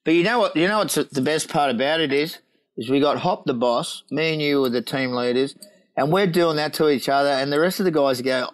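A man's voice: on the high side, brisk. A man with an Australian accent telling pranks in casual chat, laughing often, swearing and acting out what others said.

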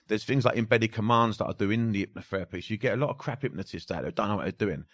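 A man's voice: lowish voice, rapid-fire, a bit bright, no echo, clean studio sound. A man talking as a hypnotherapist guest in a casual podcast chat, swearing freely and dropping his voice to demonstrate. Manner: swears casually, drops to near-whispers for demonstrations.

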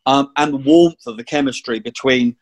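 A man hosting a political talk show in a measured, unhurried way. He thinks aloud with small hesitations, and his voice sits at a middle pitch. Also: steady tone. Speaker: podcast host. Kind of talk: casual political chat.

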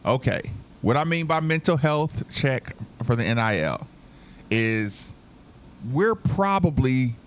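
A man co-hosting a casual sports talk show from home, teasing and wry, sometimes in quick bursts. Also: mid-range voice, big pitch swings. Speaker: sports radio co-host. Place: at home, remote. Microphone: home microphone, rocking back and forth. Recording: slightly dull home mic with faint noise.

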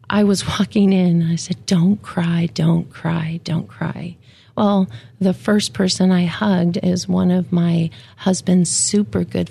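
A woman speaks about her faith in a slow, unhurried devotional talk. Her voice is mellow and dark, with a gravelly edge. She sounds reflective and plain-spoken, pausing on fillers as she goes. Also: mid-range voice. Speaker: widow sharing her faith.

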